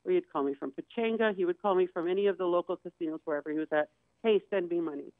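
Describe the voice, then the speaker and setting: A woman's voice: lowish voice, quick pace, no echo. Woman telling her story over thin audio. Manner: candid, acts out quoted voices. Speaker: guest. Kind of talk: personal storytelling on a talk show. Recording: tinny phone-like dry sound.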